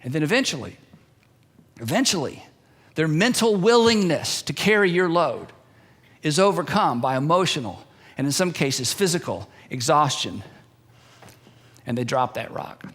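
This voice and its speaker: Male pastor, higher-pitched voice, emphatic sermon delivery with repeated phrases. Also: big pitch swings, normal speed, pauses often, a bit bright. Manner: repetitive, emphatic preaching with acted-out quotes.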